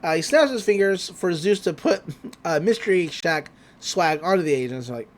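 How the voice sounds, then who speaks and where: A man hosting a podcast, casually recapping an episode in an animated way, laughing and acting out the characters. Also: high voice, moderate pace.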